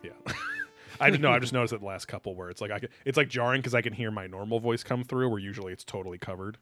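A man's voice: very fast, soft background music. A man co-hosting a casual livestream podcast, joking and laughing with his co-host. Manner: jokey, laughing, lively pitch.

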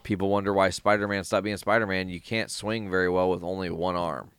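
A man hosting a podcast in casual chat, animated and profane, often acting out quoted lines. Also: low voice, fairly quick, clear, resonant tone, dry recording. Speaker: podcast host.

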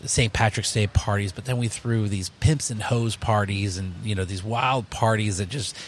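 A man, a bar co-owner, telling stories in a casual interview, animated and full of restarts. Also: on the low side, moderate pace, a little hiss or hum. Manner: storytelling, animated, many restarts.

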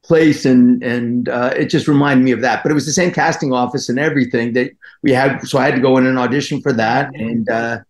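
A man in his fifties from New Jersey, a guest actor telling stories in a casual podcast interview, rambling and halting as he goes. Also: mid-range voice, steady tone. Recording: roomy echo.

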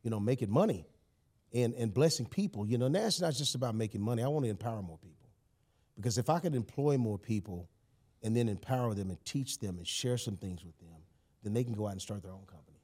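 Fast-talking, with a lowish and slightly rough voice, a man recounts a personal story on a podcast. He keeps it casual yet animated and emphatic, frequently using "you know" and "man."

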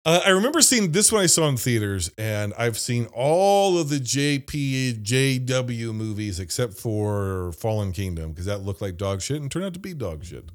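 Animated profane man from Ohio. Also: medium pitch, normal speed, few pauses. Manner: animated storyteller, profane, mimics squealing voices. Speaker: podcast host. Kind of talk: casual movie podcast chat.

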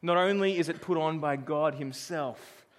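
A middle-aged man with a high, light voice preaches to a congregation. His manner is chatty and anecdotal, and he stops now and then to put questions to his listeners. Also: moderate pace. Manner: conversational, storytelling, asks the congregation questions. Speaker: pastor. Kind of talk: sermon.

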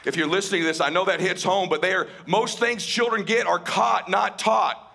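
A man giving a live motivational talk with a raspy voice, swinging from shouting to hushed, impassioned delivery. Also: high voice, fairly even intonation, normal speed. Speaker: motivational speaker.

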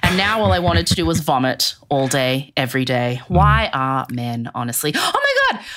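A woman's voice: a bass voice, moderate pace, a bit bright. A woman hosting a podcast who reads a personal essay aloud, breaks into chatty asides, laughs often and acts out other people's voices. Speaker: podcast host.

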